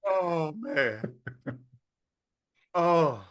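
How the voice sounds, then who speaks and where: A man co-hosting a podcast in casual chat, retelling scenes with lively energy and quick asides. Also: fairly high pitch. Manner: animated storytelling, acts out movie lines in put-on voices. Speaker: podcast co-host.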